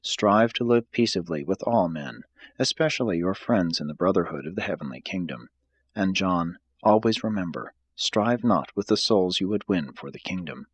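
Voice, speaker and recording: Low-voiced, husky male reader. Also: dry recording. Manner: steady, measured reading. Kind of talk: reading aloud from a book.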